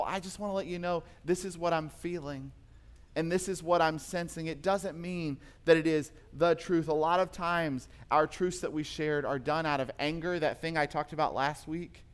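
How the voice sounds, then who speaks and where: Male pastor, slightly higher voice, sermon delivery that shifts from emphatic to hushed storytelling. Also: smooth. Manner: storytelling preacher, swings from emphatic to quiet and intimate.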